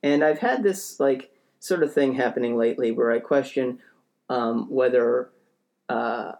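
A young man spins a comedic anecdote in casual podcast chat, his mid-range voice gravelly with fry. He rambles and hesitates, stacking fillers and self-deprecating asides as he goes. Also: mid-range voice, unhurried, darkish tone. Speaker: podcast co-host telling a story.

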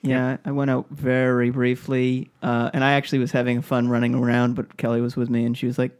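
A man's voice: mid-range voice, monotone, a little fast, clean tone. A man telling a story on a podcast in casual chat, rambling with many fillers and restarts.

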